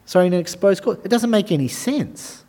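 A man with a fairly high voice preaching a sermon and reading scripture. He sinks into hushed, soft stretches, then builds to loud, emphatic declarations. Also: expressive, fairly quick.

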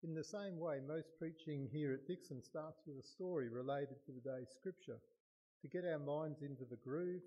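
Man, lay preacher, warm mellow tone, calm and a little halting, muffled sound. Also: a little high. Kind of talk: sermon.

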